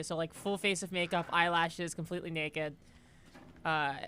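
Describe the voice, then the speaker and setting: A woman's voice: deep voice, a bit bright, slight background noise. A young woman streaming a horror game, rambling and joking casually with her chat between moments of play. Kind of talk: casual gameplay commentary.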